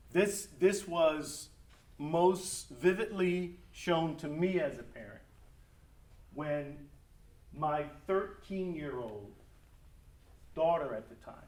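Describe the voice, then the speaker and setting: A middle-aged man preaching as a pastor in a conversational, animated way, acting out family conversations. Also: mid-range voice. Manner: animated, acts out family dialogue. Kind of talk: conversational sermon talk. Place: church or school hall. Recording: echoey room, mic from a distance.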